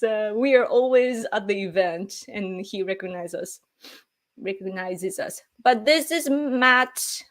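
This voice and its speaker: Woman, slow unhurried delivery, halting speech with fillers, light laughs, casual live stream. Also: medium pitch. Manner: hesitant, many pauses and filler words, frequent small laughs. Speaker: livestream host. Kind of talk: casual live-stream recap, reading viewer comments.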